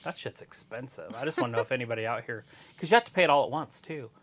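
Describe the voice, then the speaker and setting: A man's voice: mid-range voice, animated, very fast, a bit bright. A man co-hosting a wrestling watch-along stream, trading casual teasing banter and laughing often.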